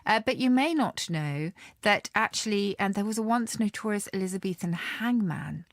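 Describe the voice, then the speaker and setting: A woman's voice: mid-range voice, animated, normal speed, no echo, studio quality. A woman co-hosting a podcast, explaining word histories in a thoughtful, chatty way. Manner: thoughtful, explanatory, with many fillers. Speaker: podcast co-host, lexicographer. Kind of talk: casual chat.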